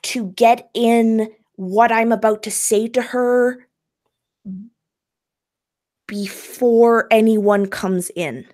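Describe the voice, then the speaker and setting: A woman playing a tabletop game in a casual, hesitant way, pausing as she thinks. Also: on the high side, fairly even intonation, a little mellow. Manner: halting, hesitant with fillers. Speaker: player.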